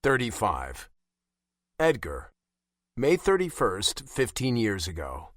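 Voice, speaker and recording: A man's voice: medium pitch, a bit bright, no echo, studio quality. A man reading a first-person romance audiobook and voicing the dialogue expressively. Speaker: audiobook narrator.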